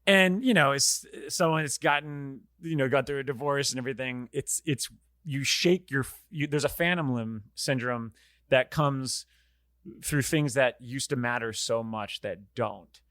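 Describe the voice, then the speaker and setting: A man's voice: mid-range voice, measured pace, a bit bright, no room sound, studio quality. A man hosting a podcast, talking loosely about a book, rambling and swearing casually. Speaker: podcast host.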